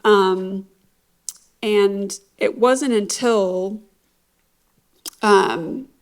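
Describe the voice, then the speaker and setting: A middle-aged woman recounting a hard time in her marriage, halting and reflective, with many pauses. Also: medium pitch, creaky. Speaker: conference guest speaker. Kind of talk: personal testimony.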